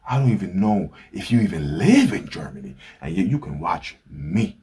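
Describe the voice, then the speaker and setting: Low, husky-voiced man delivering an earnest reflective monologue to camera. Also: very animated, moderate pace, mellow. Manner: earnest, storytelling, rhetorical questions. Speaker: vlogger. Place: indoors, Hamburg.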